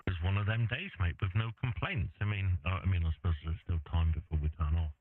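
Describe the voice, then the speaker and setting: A man's voice: sits low, fast, narrow, tinny audio. An English man chatting casually over ham radio, laid-back and rambling with lots of fillers. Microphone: radio transceiver mic. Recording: thin radio transmission audio.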